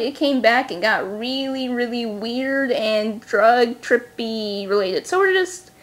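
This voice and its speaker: A woman with a somewhat high voice talks through a book series in a casual vlog. Her delivery is quick and full of snark, with plenty of sarcastic asides. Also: fairly bright tone. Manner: talks fast. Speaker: book reviewer.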